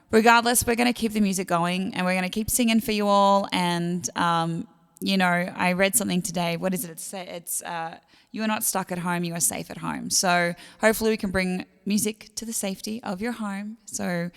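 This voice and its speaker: An Australian woman casually chatting to her livestream viewers as the singer hosting the show, warmly thanking tippers by name. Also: fairly low pitch, clean tone. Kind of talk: casual chat to online viewers. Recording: long reverb with instrument music.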